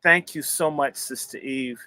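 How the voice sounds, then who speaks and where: A man's voice: medium pitch, measured pace, sharp tone, no room sound. A man hosting a livestream, talking in a rambling, profane, sermon-like way. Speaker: host and minister. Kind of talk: preacherly livestream talk.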